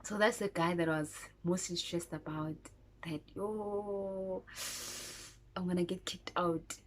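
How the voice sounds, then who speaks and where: A woman's voice: on the low side, a little mellow, a little hiss or hum. A woman with a South African accent telling a storytime vlog in a chatty way, dropping into whispered asides. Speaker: YouTuber.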